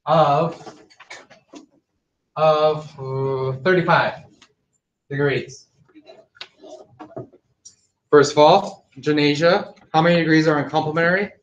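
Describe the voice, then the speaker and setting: A male math teacher speaking loudly through a mask, firm and drilling his class. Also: on the high side, far from the mic, lo-fi sound. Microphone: masked, mic at a distance. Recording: echoey classroom.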